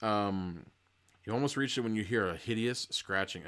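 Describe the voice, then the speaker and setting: A man's voice: lowish voice, normal speed, a bit bright, smooth. A man hosting a live comedy show, reading a children's gamebook aloud with mock-dramatic delivery and swearing, rambling tangents in between; he is tired and hungry. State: sleep deprived and hungry. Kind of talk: live comedic read-along with profane asides.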